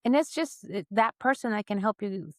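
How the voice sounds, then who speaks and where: A middle-aged woman co-hosting a podcast, speaking in a slow, measured, reflective way and leading a spoken closing prayer. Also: medium pitch, expressive, no room sound, studio quality. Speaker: podcast co-host.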